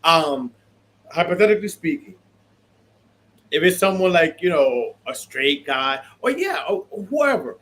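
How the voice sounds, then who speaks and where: A man's voice: a little high, sing-song, measured pace, fairly bright tone. A man co-hosting a podcast in casual chat, talking animatedly, repeating himself and laughing often. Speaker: podcast co-host.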